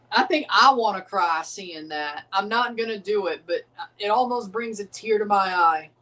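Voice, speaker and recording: A young man hosting a live football watchalong, calling goals with excitement and dropping into low mumbled asides between plays. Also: a little slow. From United States. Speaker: livestream watchalong host. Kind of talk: live football reaction commentary.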